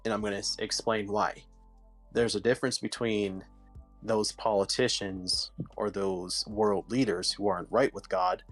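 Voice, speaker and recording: A man's voice: fairly low pitch, steady tone, unhurried, soft background music. A man in a casual spiritual chat, explaining his view earnestly and carefully.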